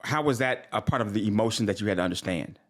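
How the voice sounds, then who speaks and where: A man's voice: lowish voice, lively intonation, fast talker, fairly bright tone. A man hosting the conversation, pressing his guests with probing follow-up questions. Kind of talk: interview questions.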